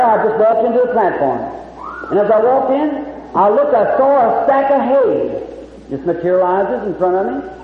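A man's voice: high voice, a little hiss or hum. A man preaching a testimony sermon at a live meeting, telling his story fervently and acting out the dialogue. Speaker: evangelist preacher. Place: large hall at a revival meeting. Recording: lo-fi phone-like archival recording in an echoey hall.

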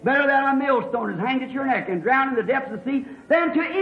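A man preaching a fervent revival sermon, swinging from hushed asides to shouted exclamations. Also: very high voice, big pitch swings, fairly quick, few pauses. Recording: echoey, muffled old sermon recording.

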